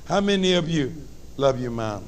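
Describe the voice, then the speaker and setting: A man with a New Orleans accent giving a lively motivational talk to high school students, with call-and-response and humor. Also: normal speed, slight background noise. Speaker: motivational speaker.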